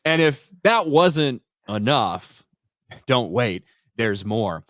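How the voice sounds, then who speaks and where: A man's voice: medium pitch, very animated, slow pace, a bit bright, no echo, clean studio sound. A man co-hosting a casual commentary chat, sarcastic and mocking in tone. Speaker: co-host.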